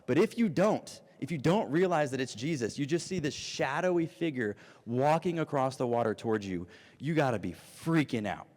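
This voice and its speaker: A man in his thirties preaching an animated, storytelling youth sermon. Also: medium pitch, moderate pace. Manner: animated storytelling, acts out voices. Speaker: youth pastor. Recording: long reverb of a hall.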